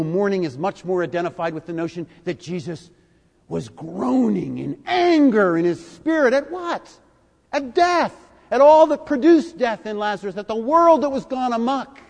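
An older man with a high-pitched voice delivers a sermon, slow and emphatic, his loudness rising and falling for stress. His voice carries with a long echo through a hall. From United States. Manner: deliberate and emphatic, with big swings in loudness. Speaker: preacher. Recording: echoey hall.

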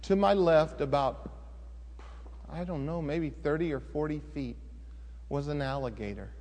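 A man's voice: on the high side, measured pace, darkish tone, big-room sound. A middle-aged man, a pastor, preaching a sermon and telling a personal story in a folksy, conversational way with sudden emphatic rises.

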